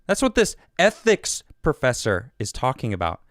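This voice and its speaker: A man's voice: medium pitch, sing-song, normal speed, hardly any pauses, no room sound, clean studio sound. A man hosting a podcast, giving casual, sarcastic commentary on news clips and reading quotes aloud to mock them. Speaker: podcast host.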